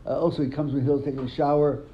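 Male Talmud teacher, slightly high voice, lively classroom retelling with repeated words, dull lo-fi recording. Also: racing. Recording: dull lo-fi sound, faint room ambience.

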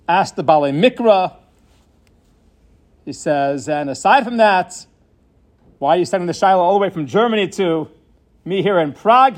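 A man giving a Torah lecture on Hebrew grammar, explaining in a measured way and mixing in Hebrew terms. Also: high voice. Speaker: Torah teacher.

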